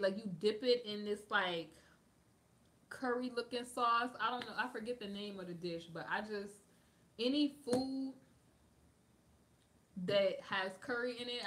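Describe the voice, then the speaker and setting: Bright-voiced woman chatting casually. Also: medium pitch, a little slow, pauses often, slight background noise. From United States. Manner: chatty, lots of "like" fillers, drifts between topics. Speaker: livestream host answering viewer comments. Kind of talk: casual chat.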